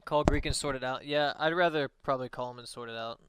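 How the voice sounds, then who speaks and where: A man's voice: medium pitch, fast talker, background noise. A young man on a casual livestream, talking in a rambling, profane way with lots of fillers.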